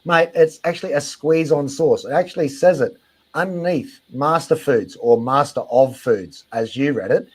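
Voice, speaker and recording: A man's voice: on the high side, moderate pace, husky, rough recording. A man with an Australian accent giving sarcastic reaction commentary on a video, mocking and exasperated, swearing freely.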